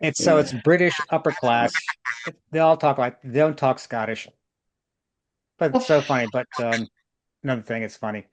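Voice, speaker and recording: A man's voice: medium pitch, normal speed, pauses often. A man organizing a group tour, giving chatty, jokey travel advice over a video call and repeating words for emphasis.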